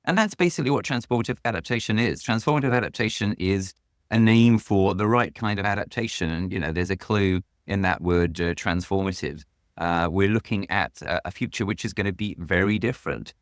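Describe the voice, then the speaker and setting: A man's voice: low-pitched, brisk, dry recording, studio quality. A man answering as a guest author on a podcast, earnest and emphatic, leaning hard on key words.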